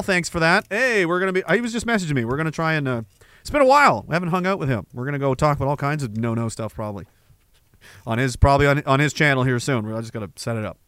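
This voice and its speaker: A man's voice: a little high, sing-song, fast talker, bright, forceful tone, no room sound. A man hosting a podcast, ranting crudely and sarcastically and reading out chat comments. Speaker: podcast host. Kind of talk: casual livestream rant.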